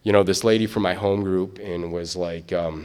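A man's voice: low-pitched, steady tone, normal speed, darkish tone, smooth. A man from Michigan tells his recovery story at a meeting, rambling with lots of "you know" and "um". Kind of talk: personal testimony storytelling. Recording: echoey hall.

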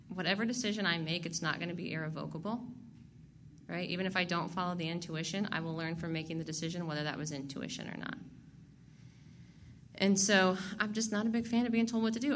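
A woman's voice: fairly low pitch, fairly even intonation, a little fast, fairly bright tone, slight background noise. A woman candidly sharing her recovery story to a group, blunt and profane and laughing at herself. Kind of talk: candid personal testimony.

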